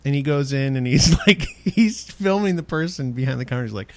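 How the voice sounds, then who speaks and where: A man's voice: mid-range voice, fairly quick, hardly any pauses, dry recording. A man hosting a podcast in casual chat, telling stories with animation and laughing often. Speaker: podcast host.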